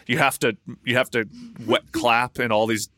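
A man's voice: mid-range voice, steady tone, moderate pace, a crowd in the background. A man hosting a podcast in loose, joking banter, rambling and swearing freely. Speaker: podcast host.

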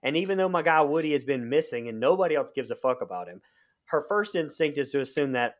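A man's voice: fairly high pitch, expressive, fast talker. A man co-hosting a podcast, reviewing a horror movie in blunt casual chat, swearing and laughing as he rambles. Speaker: podcast co-host.

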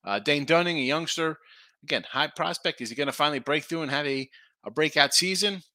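Man, middle-aged, sports betting host, casual rambling chat, bright forceful voice, dry close sound. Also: fairly high pitch, fairly quick, no echo. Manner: rambling, self-interrupting, reads chat comments aloud.

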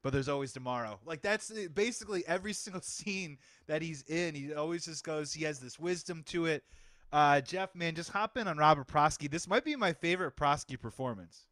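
A man's voice: a little high, fairly quick, fairly bright tone, dry recording. A man hosting a casual film podcast, chatting with enthusiasm and rambling asides. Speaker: podcast host.

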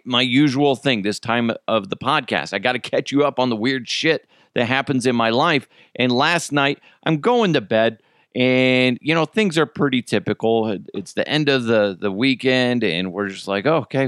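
A man's voice: medium pitch, normal speed, clear, resonant tone, no echo, studio quality. A man in his thirties hosting his own podcast in a casual, joking way, swearing freely as he tells stories. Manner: animated, joking storyteller who swears freely. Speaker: podcast host. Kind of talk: casual solo podcast chat.

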